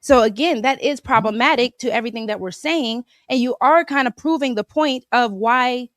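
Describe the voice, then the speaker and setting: A woman on a panel, defending her point in a measured way during a heated debate. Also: a little high, no echo, studio quality.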